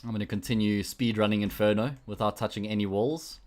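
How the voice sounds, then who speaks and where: Bantering South African esports caster. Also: male voice, on the low side, steady tone, brisk, darkish tone. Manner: jokey, rambling banter with frequent restarts. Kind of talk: solo livestream commentary, chatting with viewers.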